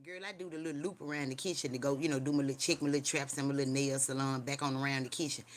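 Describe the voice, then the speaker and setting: Rapid-fire and fairly flat in pitch, this medium voice comes with a little hiss or hum. The home livestreamer rambles profanely in slang, weaving a spooky personal account into street preaching and regularly asking viewers "you hear me?"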